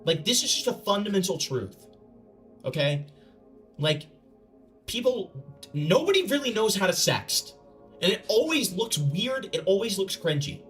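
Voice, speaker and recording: A man's voice: high-pitched, big pitch swings, a little slow, long pauses, a bit bright, soft background music. Blunt, casual male commentary host. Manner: casual, blunt, swears freely. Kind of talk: internet drama commentary.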